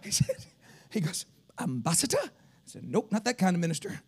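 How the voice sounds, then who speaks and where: A man from Kentucky with a Southern accent, preaching a revival sermon, swinging from shouted sing-song preaching to low storytelling. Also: huge pitch swings, a little fast, vocal fry.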